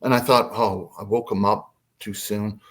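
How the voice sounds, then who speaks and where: A man, a podcast guest, telling a story in a lively way and acting out quotes. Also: moderate pace. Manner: lively, acts out quotes with big pitch swings. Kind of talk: animated storytelling.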